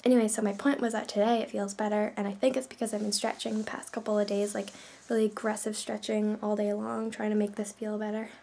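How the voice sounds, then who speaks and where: A woman's voice: medium pitch, little pitch movement, quick pace, creaky, few pauses, mellow, a little hiss or hum. A woman from Canada, chatting casually in a vlog, rambling with lots of fillers. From Canada, New Brunswick. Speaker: vlogger.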